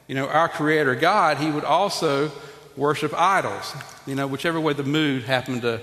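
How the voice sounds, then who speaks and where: A man's voice: a little high, fairly bright tone. Male pastor, conversational sermon with asides to the congregation, stumbling restarts, roomy hall sound. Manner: repeats and restarts words often. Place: church sanctuary. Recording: echoey hall with long reverb.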